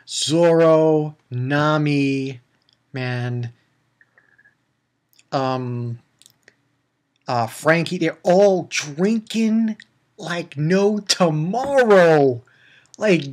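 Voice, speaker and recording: A man recaps a cartoon episode in a loose, rambling way, laughing and swearing as he goes. His pitch moves a lot, rising and dropping as he acts out lines. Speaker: anime reviewer.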